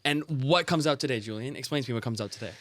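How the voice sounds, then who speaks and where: A man's voice: mid-range voice, racing, fairly bright tone, no echo. A young man co-hosting a football chat show, emphatic and gloating as he makes his point. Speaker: podcast co-host.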